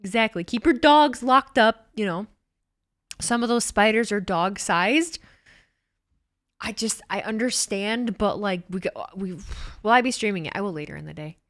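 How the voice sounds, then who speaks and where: A woman's voice: mid-range voice, expressive, moderate pace. A woman hosting a casual wrestling watch-along stream, slightly wheezy, reacting to chat with laughs and swearing.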